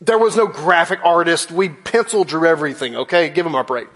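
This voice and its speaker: A man's voice: a little high, fairly quick, a bit bright. A man in his forties preaching a sermon in a church, telling a story with playful asides. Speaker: pastor.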